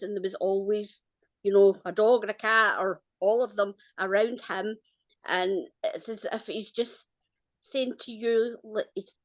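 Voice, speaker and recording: A Scottish woman gives a psychic reading over a call in a gentle, reassuring way, smiling often as she talks. Her voice sits in a middling register and is recorded close and dry, with no room around it. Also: medium pitch, no room sound. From Scotland. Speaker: psychic reader.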